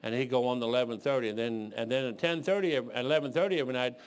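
A man's voice: medium pitch, rapid-fire, hardly any pauses. A man in his sixties from Detroit, preaching a folksy sermon full of rambling, joking stories. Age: 60s.

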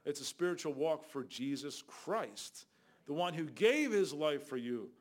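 An older man preaching a fiery Bible sermon as a guest preacher, scolding loudly and then dropping to low asides. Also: expressive, measured pace. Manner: loud, scolding, shifts between shouting and low asides.

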